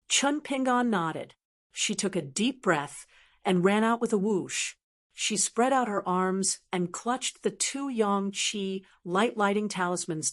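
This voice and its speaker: A woman giving scripted audiobook narration in an even, measured reading. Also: medium pitch.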